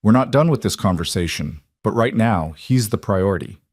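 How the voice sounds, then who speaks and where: Defensive young mother, quiet force, voiced in a man's own low voice, dry read. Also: expressive, moderate pace, no room sound. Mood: firm. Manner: quiet, firm. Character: strained young single mother, proud, defensive.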